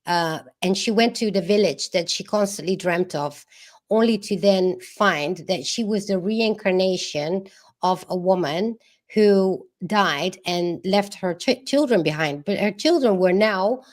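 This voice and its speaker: A woman's voice: medium pitch, unhurried. A woman with a mid-range voice chats in a casual podcast. She speaks easily, with short agreeing replies and the odd filler. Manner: chatty, with brief agreeing replies and some fillers. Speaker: podcast co-host. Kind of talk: casual conversation.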